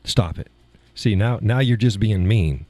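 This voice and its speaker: Man, middle-aged, live stream host, casual chat, laughs often, self-deprecating, low mellow voice, dry close sound. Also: a little slow, dry recording. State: lingering cough, clears throat. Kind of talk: casual chat reading viewer comments.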